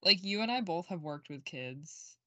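A woman's voice: fairly low pitch, animated, normal speed, pushed and bright, no echo. A young woman co-hosting a podcast, talking casually and rambling with lots of filler words. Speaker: podcast co-host. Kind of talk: casual chat.

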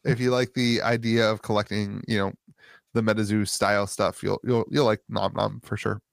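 A man's voice: on the low side, flat delivery, moderate pace, creaky, dry recording, studio quality. A man co-hosting a podcast who asks questions and steers a casual chat. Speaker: podcast co-host.

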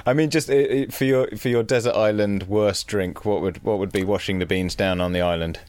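Easygoing male host, low voice. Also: a little fast, a little mellow, smooth. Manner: easygoing interviewer, chuckles often, hedging phrasing. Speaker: podcast host. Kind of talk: casual chat.

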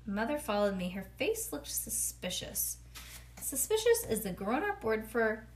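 A woman's voice: a little high, unhurried, a little hiss or hum. Mother reading a storybook aloud. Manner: lively, chatty asides to her child. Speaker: mother reading to her child. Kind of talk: bedtime read-aloud.

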